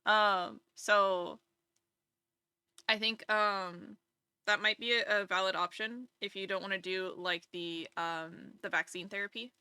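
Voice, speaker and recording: A woman's voice: medium pitch, steady tone, a little slow, sharp tone, clean tone, no echo. A woman streamer chatting casually on a live stream at home, rambling and chatty, with many restarts.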